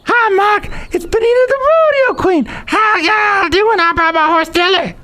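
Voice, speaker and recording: A man voicing a chirpy, folksy cowgirl rodeo queen in a high falsetto. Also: normal speed, bright, forceful tone.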